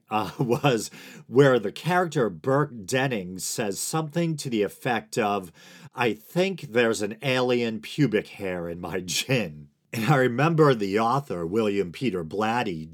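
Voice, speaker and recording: This is a man in his forties from the United States, hosting his own podcast alone. His voice sits on the low side. He talks in a loose, digressive way, with wry asides that he chuckles at. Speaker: podcast host. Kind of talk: solo podcast commentary.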